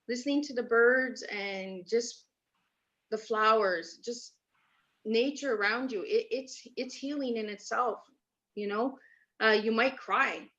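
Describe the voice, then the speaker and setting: A Canadian woman appears as a podcast guest, sharing her personal story earnestly and emphatically and repeating points for stress. Her voice sits on the high side with a fairly bright tone, and the remote call comes through as dull, lo-fi audio.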